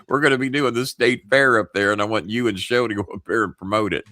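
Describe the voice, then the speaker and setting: A man's voice: lowish voice, quick pace, sharp tone, no room sound, clean studio sound. A man voicing a blunt, bossy male wrestling promoter who brushes off complaints.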